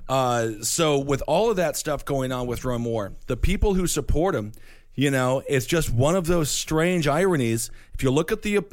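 A man's voice: medium pitch, expressive, normal speed, dry recording. Rambling Midwestern man, dry sound. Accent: Midwestern American. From Wisconsin. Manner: rambling, restarts, wry asides. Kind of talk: casual political chat.

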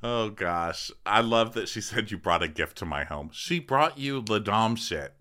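A man's voice: lowish voice, lively intonation, measured pace, pushed and bright. A man co-hosting a comedy podcast, recapping a reality show with wry, sarcastic asides. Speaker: podcast co-host.

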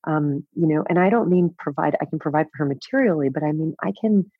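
A woman in her fifties, a podcast guest telling a personal story candidly, with a breathy voice, laughing often and swearing casually. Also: deep voice, fast talker, no room sound. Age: 50s. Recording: dull, dry podcast audio.

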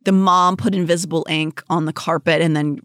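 Blunt young woman podcast host, lowish voice, dry close sound. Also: steady tone, brisk, fairly bright tone, no echo. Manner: blunt, swears freely, laughs often. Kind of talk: casual podcast chat.

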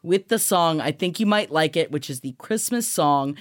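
A woman's voice: sits low, lively intonation, normal speed. A young adult woman co-hosting a gossip podcast in casual chat, playful and teasing, breaking into song snippets. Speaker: podcast co-host.

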